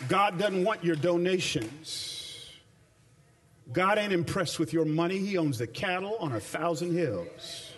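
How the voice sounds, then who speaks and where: Brief: male preacher, fairly high voice, emphatic sermon delivery, colloquial asides. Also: lively intonation, fairly bright tone. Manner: emphatic, shifts between slow stressed phrases and rapid runs.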